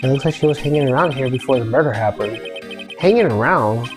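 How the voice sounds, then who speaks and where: A woman voicing a bumbling, gruff male police detective who blusters and calls everyone "pal". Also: very deep voice, animated, fast talker, over music, pitched below the performer's own voice. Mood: flustered. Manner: blustering, says "pal" a lot, flustered.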